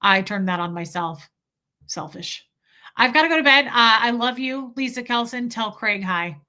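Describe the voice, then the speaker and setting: A woman's voice: fairly high pitch, animated, a little fast, sharp tone. A woman hosting a casual livestream, chatting candidly and reacting to viewer comments and super chats.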